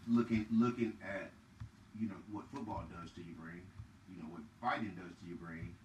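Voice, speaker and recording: A man's voice: low-pitched, moderate pace, darkish tone, recorded from a distance, slight background noise. A man, co-hosting a podcast in loose, profane banter. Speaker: podcast co-host. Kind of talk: casual chat. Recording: echoey room, voice off-mic.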